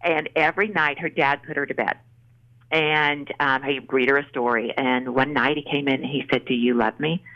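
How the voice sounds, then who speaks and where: A woman's voice: a bass voice, fairly even intonation, moderate pace, dull audio. A woman author giving an earnest faith testimony in a podcast interview, acting out the voices in her stories. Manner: earnest storyteller, acts out quotes. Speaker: author guest.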